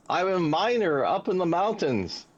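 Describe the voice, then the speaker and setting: A man doing a rough, grateful dwarf miner with a thick put-on brogue, pitched well above his usual voice. His lines swing widely as he talks in this tabletop game. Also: animated, moderate pace, highs cut off, crowd noise, close to an everyday voice. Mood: rattled. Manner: put-on brogue the players call Irish. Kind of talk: tabletop role-play voice.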